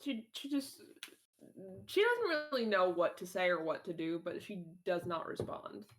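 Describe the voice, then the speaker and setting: Blunt, animated young woman player. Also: on the low side, moderate pace, a little hiss or hum. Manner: blunt, swears freely. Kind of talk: casual tabletop game talk.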